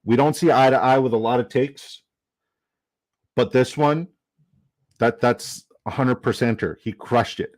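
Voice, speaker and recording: A young man casually chatting on a live stream, reading chat comments aloud, excitable and swearing freely. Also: medium pitch, unhurried, long pauses. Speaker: fantasy football streamer.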